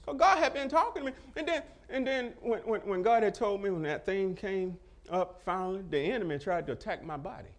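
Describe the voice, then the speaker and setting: A man's voice: high-pitched, brisk, few pauses. A middle-aged man preaching a testimony sermon, acting out the dialogue and breaking into laughter as he tells it. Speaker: pastor.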